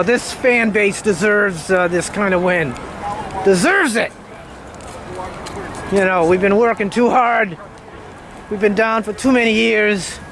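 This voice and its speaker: A man giving an excited live post-game vlog outdoors near a stadium, talking while he walks and chanting along with the crowd. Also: high voice. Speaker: sports fan vlogger. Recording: noisy outdoor street recording.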